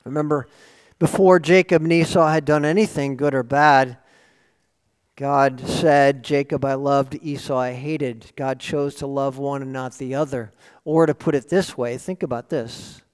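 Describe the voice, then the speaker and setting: A pastor preaching a sermon to his congregation, building emphasis with sudden loud swells on key words. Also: medium pitch, steady tone, a little slow. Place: church sanctuary. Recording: long hall reverb.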